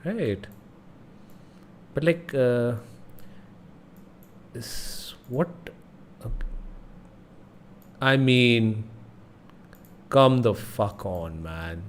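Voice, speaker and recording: A man's voice: mid-range voice, very animated, takes it slowly, pauses often, a little hiss or hum. A man hosting a casual gaming livestream, thinking aloud and muttering as he reads signs under his breath. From India. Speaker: livestream host.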